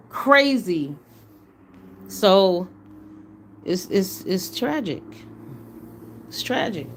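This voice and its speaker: Blunt, animated middle-aged woman livestreamer. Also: medium pitch, drawn-out words, long pauses, slight background noise. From United States. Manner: blunt, animated, swears freely. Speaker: livestream host. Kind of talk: casual livestream talk.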